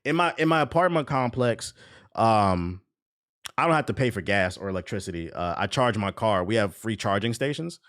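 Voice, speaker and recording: A man telling a story in a casual, profane rant, animated and prone to repeating himself. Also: on the low side, moderate pace. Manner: animated, profane, repeats phrases, jumps into quoted voices.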